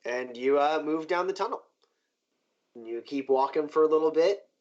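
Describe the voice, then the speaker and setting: A man running a tabletop game in a loose, chatty way, with plenty of fillers. His voice sits fairly high. The recording sounds dull and lo-fi. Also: normal speed, darkish tone. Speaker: game master. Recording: dull lo-fi stream audio.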